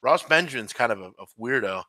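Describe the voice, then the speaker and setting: A laid-back man hosting a casual late-night sports chat, chuckling and self-deprecating, his voice starting to go hoarse. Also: mid-range voice, expressive, fast talker, bright, forceful tone, dry recording, clean studio sound. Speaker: fill-in host.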